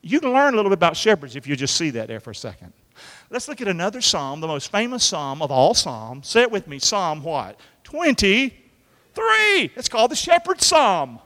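Animated preacher in an echoey church. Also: male voice, high voice, moderate pace. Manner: folksy, calls out to the congregation, acts out quotes. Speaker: pastor. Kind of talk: sermon. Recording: echoey hall.

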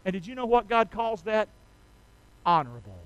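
High, folksy preacher man. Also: sing-song, moderate pace, fairly bright tone, smooth, dry recording, poor audio. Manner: folksy, calls out to congregation, rhetorical questions. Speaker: pastor. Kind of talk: sermon.

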